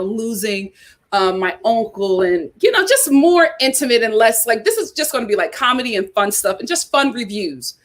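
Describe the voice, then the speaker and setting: Chatty, animated woman hosting her channel. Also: a little high. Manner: animated and chatty, laughs often. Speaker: YouTube host. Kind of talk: casual chat to viewers.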